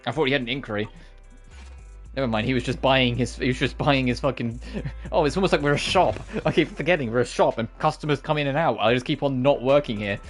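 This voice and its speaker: A man streaming a game with casual commentary, swearing freely and reacting in quick asides. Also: medium pitch, soft background music.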